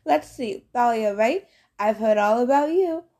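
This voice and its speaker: Lady reading as a show-off teen sun god, high and loud, super pleased with himself. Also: lively intonation, measured pace. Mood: cocky, playful. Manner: boastful, cheerful, showy.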